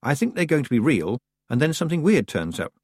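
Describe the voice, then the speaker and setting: A man's voice: mid-range voice, sing-song, quick pace, a little mellow, slightly rough, dry recording, studio quality, pitched above the performer's own voice. A man reading an audiobook, voicing an earnest, stubborn young witch girl. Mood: puzzled. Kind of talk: audiobook character voice.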